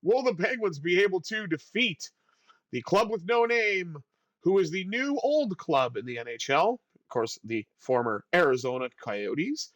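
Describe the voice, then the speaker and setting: A man hosting a video game channel, giving excitable play-by-play commentary that jumps up on big plays. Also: high voice, a little slow, no echo.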